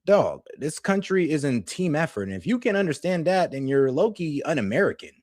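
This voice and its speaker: A man's voice: on the high side, sing-song, a little fast, a little mellow, no room sound, clean studio sound. A man hosting a reaction video, talking in a slangy, conversational way and reasoning through his point aloud. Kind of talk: casual reaction commentary.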